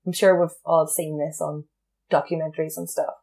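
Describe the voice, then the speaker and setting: A woman's voice: low-pitched, little pitch movement, moderate pace, creaky, warm tone. A woman co-hosting a podcast, telling a true crime story in a casual chat and laughing often. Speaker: podcast co-host.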